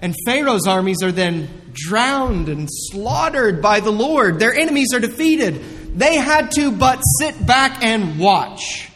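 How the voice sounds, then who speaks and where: A pastor with a high voice preaches slowly and earnestly, leaning hard on key words. His sermon rings out through a hall with a long reverb. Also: a bit bright, a little hiss or hum. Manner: earnest, emphatic preaching with dramatic retellings.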